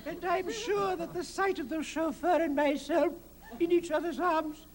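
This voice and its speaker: A man's voice: very high-pitched, fairly even intonation, a little slow, crowd noise, voice pushed up. A man voicing a genteel, theatrical old English lady in a dramatic, mock-sorrowful manner. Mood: mock-tearful.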